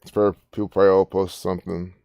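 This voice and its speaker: Man, low voice, mellow dark tone, dry close sound, rambling profane commentary. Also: level tone, rapid-fire, creaky, smooth, dry recording. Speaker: online commentator. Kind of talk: casual commentary reading social media posts.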